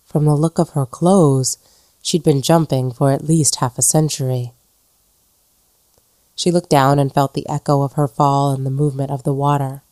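A woman narrating a ghost story in a measured, dramatic storytelling manner. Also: extremely low pitch, little pitch movement, mellow, dry recording, clean studio sound. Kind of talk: scripted narration.

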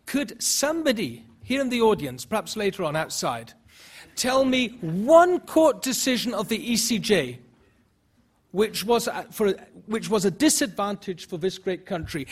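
A man whose first language is German speaks to an audience at a public debate. His voice is high and husky. He presses his points with rhetorical questions and stumbling restarts. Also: lively intonation, normal speed. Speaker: panel speaker.

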